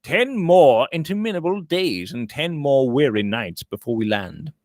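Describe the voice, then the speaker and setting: A man's voice: very animated, a little slow, a little mellow, no echo. Guy reading a victorian novel, voice goes all over the place, dry close sound. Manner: voices dialogue with rising pitch and volume. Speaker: audiobook reader.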